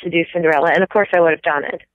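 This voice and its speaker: Here a stage actress from the American South chats loosely in an interview, full of energy and fond of quick accent bits. The dry, tinny sound resembles a phone line, with no room audible, and her voice is fairly low.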